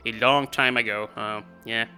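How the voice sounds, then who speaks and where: A man's voice: medium pitch, steady tone, moderate pace, pushed and bright, smooth, soft background music. A man casually commenting on a game he plays, chatty and rambling, with frequent laughs and fillers. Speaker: let's play commentator.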